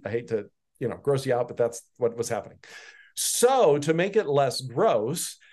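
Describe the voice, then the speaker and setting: Man, Bible teacher, podcast teaching, conversational, animated, mid-pitched. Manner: conversational, animated retelling with asides.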